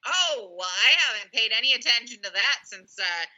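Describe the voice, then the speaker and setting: A woman co-hosting a casual podcast, reacting with quick, astonished interjections. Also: on the high side, expressive, pushed and bright, rough recording. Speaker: podcast co-host.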